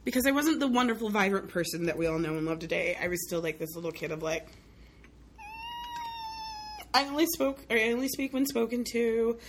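A young woman from the American South, talking as a guest in a relaxed interview. She tells stories with energy and acts out the people in them. A faint hiss sits under the recording. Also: a little high, brisk, pauses often. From Southern United States. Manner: animated storyteller, acts out quoted voices, laughs often. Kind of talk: casual chat.

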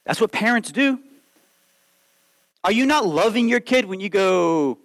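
A man in his late thirties preaching a sermon, lively and conversational, acting out quoted voices as he goes. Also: high-pitched, unhurried, poor audio. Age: 30s. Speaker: pastor.

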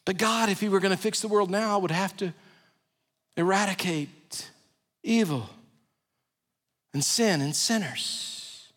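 High-voiced man preaching in a hall. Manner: earnest preaching, drops to a hushed, low voice for prayers. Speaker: pastor. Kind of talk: sermon. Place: large church sanctuary. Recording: long reverb of a large hall.

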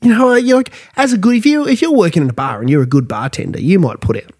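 A tired, tipsy Australian man in his thirties co-hosts a podcast styled as a crude, casual pub chat, blunt and swearing and laughing loudly at his own jokes. He talks fast in a high-pitched voice.

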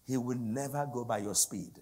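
A man preaching a sermon as a guest speaker, swinging from loud, pleading outbursts down to hushed whispers. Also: medium pitch, moderate pace.

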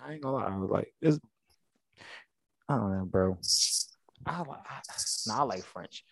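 A man's voice: on the low side, animated, normal speed, vocal fry, dry recording. A young man in casual chat, talking in a laid-back, slangy way that often drops to a mumble.

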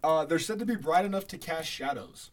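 A man's voice: fairly high pitch, animated, a little fast. A man co-hosting a podcast in casual chat, offhand and profane, tossing off dismissive asides. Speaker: podcast co-host.

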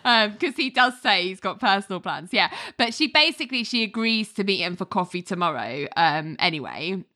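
A woman's voice: mid-range voice, normal speed. A British woman hosting a casual chat, recapping a TV episode with lots of laughter and acted-out character lines. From Britain. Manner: animated, laughs often, acts out characters' lines. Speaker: podcast host recapping a TV episode.

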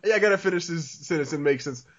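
A man chats casually as a podcast host, restarting his sentences and laughing as he goes. His voice sits a little high. The recording sounds dull and lo-fi. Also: lively intonation, fast. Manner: laughs often, repeats words when restarting. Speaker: podcast host reading listener email. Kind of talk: casual chat.

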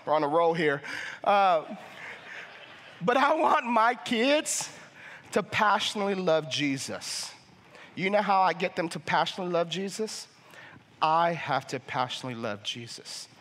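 A young man preaching a sermon as a family ministries pastor, passionate and fervent, often repeating and restarting words as he builds to near shouting. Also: high voice, animated, measured pace. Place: church auditorium. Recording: church hall reverb.

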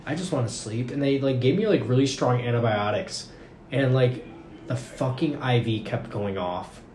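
A man's voice: mid-range voice, moderate pace, a little mellow. A young man telling a long story in casual chat, rambling and saying "like" constantly. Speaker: podcast guest recounting a story. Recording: roomy room with faint noise.

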